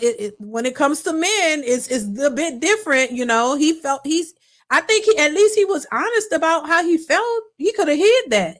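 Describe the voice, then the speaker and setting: Woman, high voice, reaction host, blunt, emphatic, repeats herself. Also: fairly bright tone. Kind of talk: casual reaction commentary.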